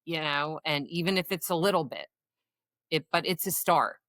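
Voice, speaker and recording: Lower-pitched 40s woman cohost, earnest and encouraging, dry close sound. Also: normal speed, a bit bright, no room sound. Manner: encouraging, earnest advice-giving. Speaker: podcast co-host and coach. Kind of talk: casual conversational podcast.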